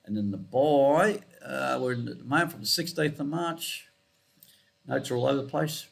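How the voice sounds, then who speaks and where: A man's voice: mid-range voice, moderate pace, gravelly. Rambling man explaining trading charts. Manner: rambling, self-correcting, muttering asides. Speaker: forex trading analyst. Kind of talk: casual chart walkthrough screencast.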